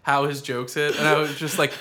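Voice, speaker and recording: A man's voice: on the high side, little pitch movement, a little fast, sharp tone. A man chatting enthusiastically about a film, laughing often. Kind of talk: casual movie-discussion chat.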